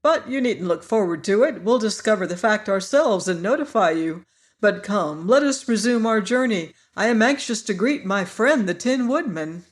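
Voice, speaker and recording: A man reading an audiobook and voicing a cheerful scarecrow king who speaks brightly and gaily. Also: high-pitched, lively intonation. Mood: jolly. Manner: bright, brisk, gaily reassuring. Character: cheerful straw-stuffed scarecrow king, gay and chatty. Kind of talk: audiobook character voice.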